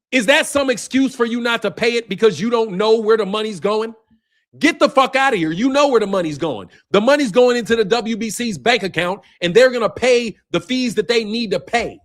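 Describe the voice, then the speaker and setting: High-voiced man ranting on a livestream. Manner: combative, ranting at chat, repeats "bro". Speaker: boxing channel host. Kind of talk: heated livestream commentary.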